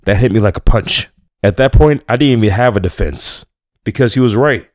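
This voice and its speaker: A man narrating a first-person horror story in a tense, measured way. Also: lowish voice, dry recording, studio quality.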